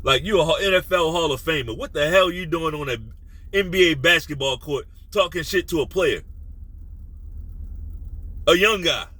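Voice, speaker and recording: Male sports host, blunt and profane, bright forceful tone. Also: normal speed, long pauses, no room sound, rough recording. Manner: blunt, profane, animated, drops to a low menacing tone. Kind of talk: casual opinion rant.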